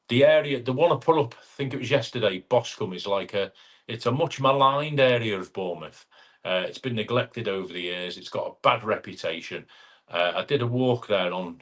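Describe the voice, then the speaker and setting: A man's voice: fairly low pitch, fairly bright tone. Chatty man on a live stream. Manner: chatty, greets viewers by name, rambling. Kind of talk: casual live chat reading comments.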